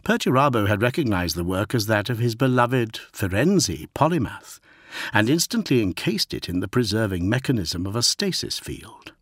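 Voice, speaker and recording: A man reading a novel aloud as an audiobook narrator, in steady, measured scripted narration. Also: fairly low pitch, slightly rough, no echo, clean studio sound.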